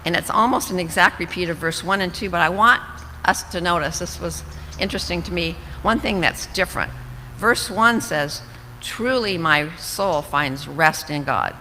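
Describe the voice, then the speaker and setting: A woman's voice: on the low side, normal speed, sharp tone. A woman giving an earnest, reflective Bible study talk to a women's fellowship, with small slips and restarts. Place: church hall. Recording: reverberant hall, faint background noise.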